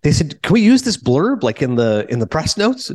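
Male podcast host and film critic, fairly high, lively voice, quick delivery, acts out dialogue. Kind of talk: casual storytelling monologue and interview.

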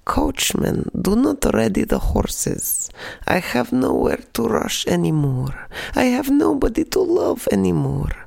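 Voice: medium pitch, wildly swooping pitch, measured pace, gravelly, darkish tone, slightly rough, voice pushed up, heavily acted. A storyteller voicing an elderly, cheerful and confused Russian grandmother with a thick Russian accent, in a sing-song manner.

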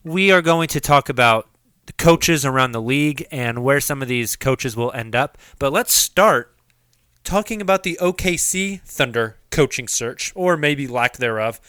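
A man hosts a casual sports podcast with a bright, forceful voice. The sound is dry and close, and he talks in an upbeat way, steering the chat and firing questions at the others. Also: medium pitch, lively intonation, a little slow, clean tone, no room sound. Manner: upbeat, leads the conversation and poses questions. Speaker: podcast host.

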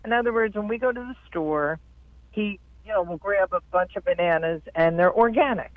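A woman calling in to an advice show, speaking in a hesitant, halting way. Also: mid-range voice, no room sound. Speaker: caller. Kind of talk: call-in phone conversation. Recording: tinny dry phone line.

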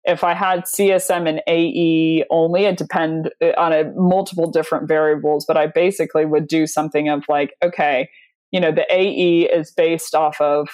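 A woman guest speaking casually on a sales podcast, telling stories with plenty of fillers and frequent laughter. Her voice sits a bit low. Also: a little mellow. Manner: chatty, anecdotal, laughs often, many fillers. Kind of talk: casual conversational interview.

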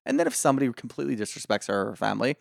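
A man co-hosting a casual podcast chat, opinionated and animated, swearing freely. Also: medium pitch, racing, vocal fry, no room sound, studio quality. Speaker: podcast co-host.

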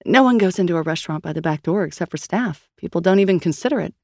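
Woman doing a brisk, wry investigator. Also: on the low side, expressive, darkish tone.

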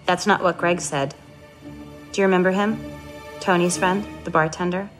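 An actress playing a cold, scheming woman who confronts her sister with calm menace in a film drama. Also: fairly low pitch, normal speed, faint music behind, close to an everyday voice. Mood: coldly menacing.

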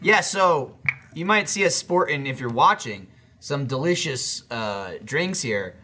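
Lively, bright-voiced joking man. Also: mid-range voice, measured pace. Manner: joking, profane banter. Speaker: podcast co-host. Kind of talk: casual group chat.

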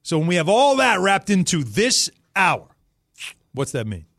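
Male sports radio host, slightly high voice, lively banter, dry studio sound. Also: measured pace, no echo. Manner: lively, joking, conversational. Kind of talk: casual chat.

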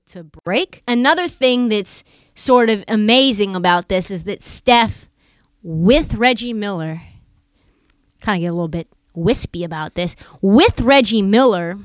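Animated woman with a smooth higher voice. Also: no echo. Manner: animated, jokey, acts out quotes. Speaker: podcast co-host. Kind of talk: casual sports chat.

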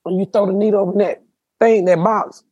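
A woman's voice: mid-range voice, fairly even intonation, brisk, darkish tone, breathy edge, muffled recording. A woman hosting a casual comedy podcast who roasts people bluntly and crudely, sometimes talking while eating. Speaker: podcast host.

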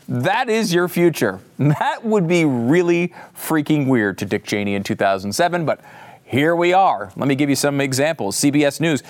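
A man hosting a political commentary show, delivering a sarcastic monologue and now and then jumping into silly voices. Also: fairly high pitch.

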